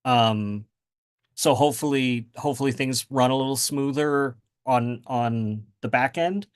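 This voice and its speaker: A man's voice: medium pitch, a little slow, smooth. A man speaking as a guest author in a casual interview, rambling with many fillers and restarts.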